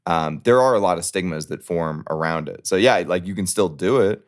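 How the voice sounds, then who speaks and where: Low-voiced emphatic man. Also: a little fast. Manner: emphatic, profane, jumps up in pitch when mimicking others. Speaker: guest. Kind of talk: heated casual debate.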